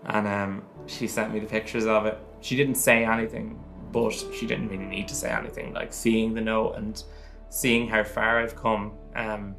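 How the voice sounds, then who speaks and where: A man's voice: on the low side, flat delivery, normal speed, creaky, music in the background. A man with an Irish accent, speaking earnestly and reflectively to camera. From Ireland. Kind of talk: personal testimony to camera.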